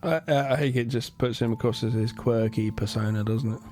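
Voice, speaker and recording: A man's voice: medium pitch, fairly quick, a little mellow, faint music behind. Joking man in banter. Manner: joking, swears, laughs along. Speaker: podcast co-host. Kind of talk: casual chat.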